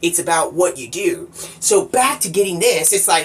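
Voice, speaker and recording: A man's voice: high-pitched, normal speed. Rambling, profane male streamer, off-mic. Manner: rambling, profane, excitable, with bursts of shouting. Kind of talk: rambling live-stream monologue. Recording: distant mic with faint background noise.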